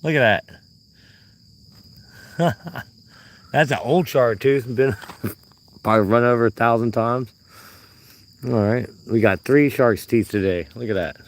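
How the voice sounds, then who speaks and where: A man chatting to his viewers on a live vlog while walking a trail, his voice hoarse from yelling. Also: mid-range voice, measured pace, long pauses. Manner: chatty, talks to himself and viewers. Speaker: vlogger. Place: outdoor nature trail.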